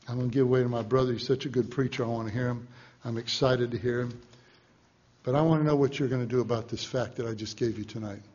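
A man preaching a sermon with emotion, swinging from hushed asides to loud shouts. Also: fairly high pitch. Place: church. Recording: echoey church room, dull lo-fi sound.

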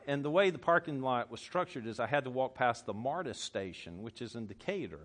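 A man with a Southern US accent preaching a sermon as pastor, telling stories with lively swings between loud bursts and hushed passages. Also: mid-range voice, brisk. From Southern United States.

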